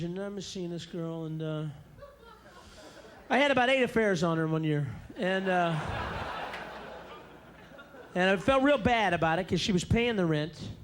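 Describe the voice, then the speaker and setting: A male stand-up comedian performing a ranting routine on stage, breaking into raw screams. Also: high-pitched. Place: comedy stage before a live audience.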